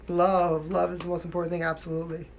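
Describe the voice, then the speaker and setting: A man's voice: fairly high pitch, slight background noise. Chatty young man, mild New York accent. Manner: chatty, frequent "you know what I mean", laughs often. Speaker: singer answering viewer questions. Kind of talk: casual livestream chat.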